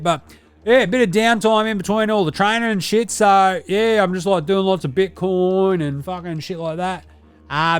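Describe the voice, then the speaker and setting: A man's voice: high-pitched, smooth, no room sound, voice pushed up. A man voicing a brash, sweary Australian larrikin bloke who rambles in crude slang with an Australian accent. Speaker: podcast character segment.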